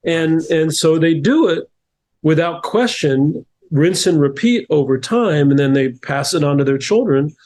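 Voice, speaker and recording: A middle-aged author and coach from New Jersey, guesting on a podcast, speaks at a measured pace in a slightly high, slightly mellow, animated voice. He tells stories thoughtfully in a casual interview, with frequent restarts and repeated words.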